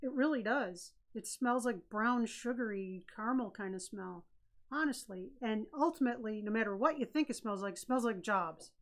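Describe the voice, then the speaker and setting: A woman's voice: a little high, normal speed. A woman co-hosting a live stream in casual chat. She tells stories and often jumps in while her co-host talks. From Idaho, USA. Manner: chatty storyteller, jumps in often.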